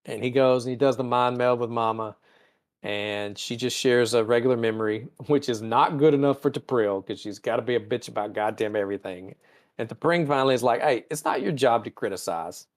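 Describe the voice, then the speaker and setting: Guy doing a loose, cheeky episode recap, mid-pitch voice, swears a lot. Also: steady tone, a little fast. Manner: irreverent, profane, acts out characters' lines. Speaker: podcast host. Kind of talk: casual comedic episode recap.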